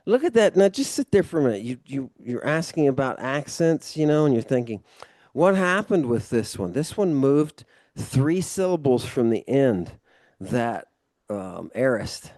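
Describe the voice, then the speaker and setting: A man's voice: mid-range voice, very animated, measured pace, darkish tone, no echo. A man giving a casual one-on-one Ancient Greek lesson, explaining step by step and often checking understanding with "right?". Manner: casual and loose, with mild swearing.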